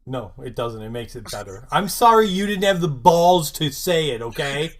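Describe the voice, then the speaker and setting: A man co-hosting a podcast, halting and explanatory with a teasing streak. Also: on the high side, big pitch swings. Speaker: podcast co-host. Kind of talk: casual chat.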